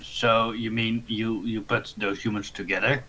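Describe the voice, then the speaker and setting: A man playing in a tabletop game, speaking haltingly and describing his character's actions. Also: lowish voice, flat delivery, sharp tone, slight background noise, poor audio. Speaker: player. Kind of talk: casual in-character chat.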